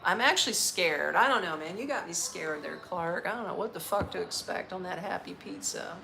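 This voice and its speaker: A woman's voice: on the low side, normal speed, creaky, music in the background. A middle-aged American woman on a live stream, chatting casually with viewers, blunt and laughing, swearing freely. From United States. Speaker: vlogger answering live chat.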